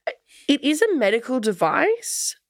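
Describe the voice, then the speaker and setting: A woman's voice: high voice, moderate pace, no echo, studio quality. Chatty young woman podcaster. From Australia. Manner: chatty, laughs often, animated storytelling. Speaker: podcast co-host. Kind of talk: casual chat.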